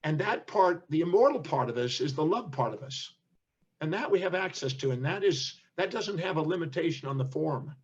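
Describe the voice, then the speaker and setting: A man's voice: fairly high pitch, fairly quick, breathy edge, dull audio. An older man, a seminar teacher, telling stories in an interview and acting out the voices of the people in them. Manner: animated storyteller, acts out quoted speech. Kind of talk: storytelling in an interview.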